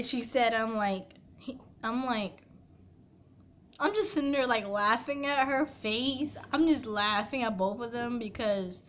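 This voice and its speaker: A young woman in her late teens telling an upset personal story in a rambling casual way, swinging from quiet to loud and angry. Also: on the high side, a little slow. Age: young adult.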